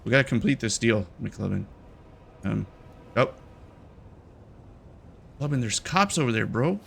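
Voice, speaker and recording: A man's voice: mid-range voice, big pitch swings, unhurried, gravelly, a bit bright. A young man giving casual, jokey and nervous commentary while playing a game, talking to its characters. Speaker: gaming YouTuber.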